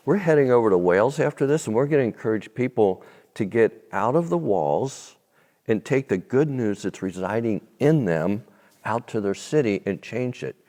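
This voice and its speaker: A man telling a faith testimony as an interview guest, animated and then dropping soft and low at tender moments. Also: moderate pace. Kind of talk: storytelling testimony. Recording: long reverb.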